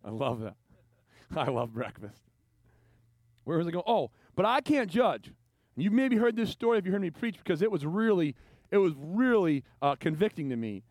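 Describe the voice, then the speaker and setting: A man's voice: sits high, very animated, normal speed, a little mellow, no echo. A male pastor preaching a sermon, telling stories animatedly and acting out the voices of the people in them.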